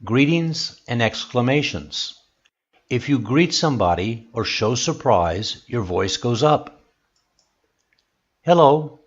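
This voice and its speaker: A man narrates a scripted pronunciation lesson at a slow, deliberate pace, with a mid-range voice. He leans into the rise and fall of each example sentence. The recording sounds dull and lo-fi. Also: mid-range voice, husky. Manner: slow, measured, with exaggerated example intonation. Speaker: English teacher.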